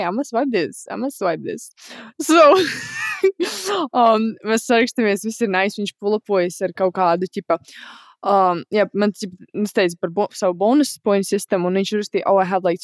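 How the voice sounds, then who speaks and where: A woman's voice: mid-range voice, dry recording, clean studio sound. Young woman, chatty, laughing. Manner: mixes Latvian and English, swears, laughs often. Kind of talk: casual chat.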